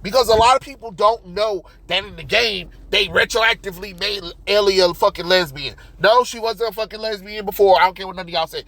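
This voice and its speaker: A man ranting in a video commentary, loud and exasperated, swearing constantly and jumping into yelps. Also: high voice, brisk, hardly any pauses, poor audio.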